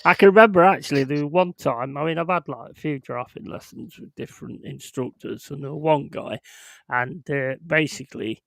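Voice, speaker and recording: A young man with a gravelly, crackly edge hosts a casual stream and rambles through profane anecdotes, laughing as he goes. His voice sounds dry and close, with no room around it. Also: on the high side, brisk, no room sound. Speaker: streamer hosting a football watchalong. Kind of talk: casual chat.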